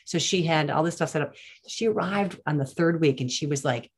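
A woman, a nurse and guest on an interview, telling stories in an animated, chatty way with many restarts. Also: low-pitched, brisk, husky. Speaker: nurse and plant-based diet advocate, guest. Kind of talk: casual interview storytelling.

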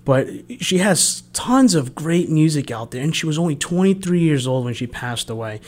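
A man's voice: a little high, lively intonation, normal speed, a little mellow. A man hosting a local radio show, chatting casually between songs with many fillers and restarts. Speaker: radio host. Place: radio studio.

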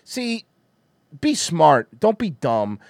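A man's voice: fairly high pitch, sing-song, normal speed, dry recording, studio quality. A man hosting a livestream, ranting casually in a profane, sarcastic and mocking way. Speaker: livestream host. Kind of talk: casual commentary rant.

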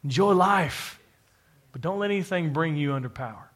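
Male preacher, slightly high voice, emphatic and repetitive sermon delivery to a congregation. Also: expressive, fast talker. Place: church, to a live congregation with an online audience.

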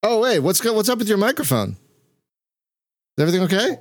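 A man's voice: high voice, very animated, fast, no room sound, clean studio sound. A man from Philadelphia hosting a casual podcast chat, laughing often and tripping playfully over his words. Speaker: podcast host. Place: home setup on a voice call.

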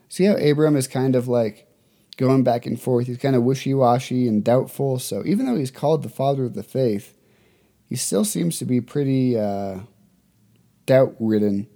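Male Bible teacher, relaxed casual delivery, soft dark tone, chatty with fillers. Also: medium pitch, normal speed. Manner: conversational, loose fillers, reads scripture then explains.

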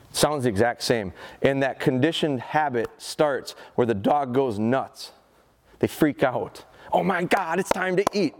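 A man in his forties giving a live dog training seminar, telling stories in an animated, folksy way and speaking to the audience. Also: on the high side. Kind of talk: live seminar talk with demonstration. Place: seminar hall at an outdoor show.

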